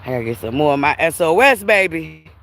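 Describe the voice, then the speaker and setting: A woman's voice: deep voice, quick pace, slight background noise. A woman chatting and laughing with viewers on a livestream while walking outdoors by a river, a bit winded from the heat. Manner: chatty, animated, laughs often, talks to viewers as Buttercups. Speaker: livestream host. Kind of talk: casual walking livestream chat.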